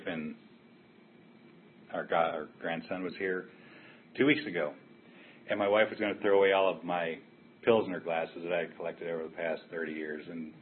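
Older guy with a lowish voice sharing his recovery story, blunt and candid, sounds like it's over a phone line. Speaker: recovery meeting speaker. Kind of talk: personal recovery share. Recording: tinny phone-like sound with faint hiss.

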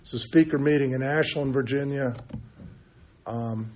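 A man's voice: mid-range voice, moderate pace, a little mellow. An older man giving a candid, self-mocking recovery testimony, talking in a loose storytelling way with many fillers. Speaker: recovery meeting speaker.

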